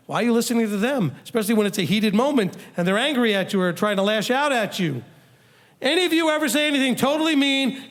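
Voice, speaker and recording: A rabbi with a high male voice teaches his congregation in a loose, conversational style. He brings the lesson to life by slipping into other people's voices to act out what they might say, and he keeps turning to his listeners with direct questions.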